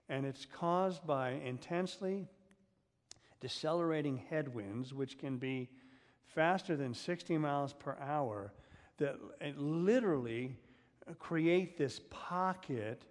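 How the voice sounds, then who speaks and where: A man preaching to his congregation, middle pitched and easygoing. He cracks jokes and pulls the listeners in with questions. The sound trails off in the long echo of a church sanctuary. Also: a little mellow. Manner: humorous, asks the congregation questions. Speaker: pastor. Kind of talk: sermon. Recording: long reverb of a church hall.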